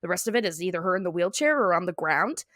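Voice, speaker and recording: A woman's voice: fairly low pitch, expressive, quick pace, a bit bright, no room sound, clean studio sound. A woman co-hosting a podcast, animatedly recapping a cartoon episode and laughing often. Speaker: podcast co-host.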